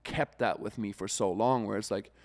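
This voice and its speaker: His voice is fairly low and his speed normal as he co-hosts a podcast in loose, profane conversation. He's animated and frequently acts out the voices of other people.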